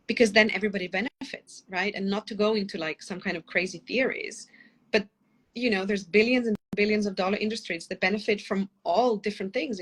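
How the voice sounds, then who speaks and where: A woman's voice: medium pitch, husky. A middle-aged woman, a parenting coach, talking passionately and at length in a podcast interview while she has a cold. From former lawyer living in London. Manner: passionate, fast, tangent-prone.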